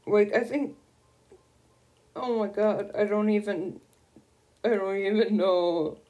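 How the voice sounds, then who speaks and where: A young woman streaming a video game, gushing and excitable as she squeals over new items. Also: medium pitch, takes it slowly. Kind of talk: casual gameplay commentary.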